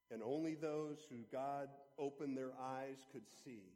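A man's voice: medium pitch, moderate pace, few pauses, dark tone, in a large hall, a little hiss or hum. A male pastor preaching a sermon in an earnest, conversational storytelling manner.

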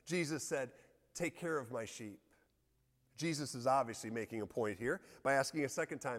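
A man's voice: mid-range voice, moderate pace. A man preaching a sermon as pastor, earnestly reading scripture aloud with emphasis. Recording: long hall reverb.

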